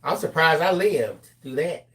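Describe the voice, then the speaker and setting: Animated middle-aged man telling stories. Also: fairly high pitch, a little slow. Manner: animated storyteller, acts out voices, laughs through lines. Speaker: co-host of a live crafting stream. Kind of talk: casual storytelling chat.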